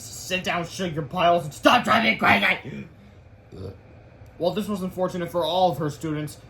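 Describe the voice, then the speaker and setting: A man reading a children's book aloud as storyteller, in a lively, expressive way. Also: a little high, a little hiss or hum.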